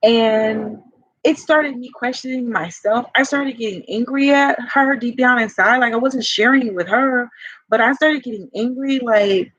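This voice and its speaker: A woman's voice: fairly high pitch, measured pace, a bit bright, dry recording. A woman life coach in a personal vlog, talking in a confessional, rambling way full of fillers. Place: home by a fire. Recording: dull lo-fi sound.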